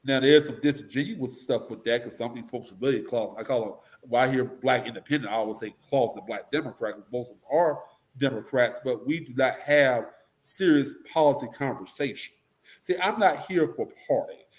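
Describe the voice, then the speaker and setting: A man giving blunt, animated opinions as an interview guest, breaking into mocking voices to make his points. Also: medium pitch, a little fast. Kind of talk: casual political commentary.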